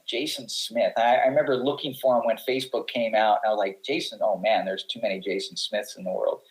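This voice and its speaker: Appearing as a podcast guest, a middle-aged professional surfer rambles through long, casual stories, often restarting and acting out quotes. He has a medium-pitched, darkish voice on a low-quality recording.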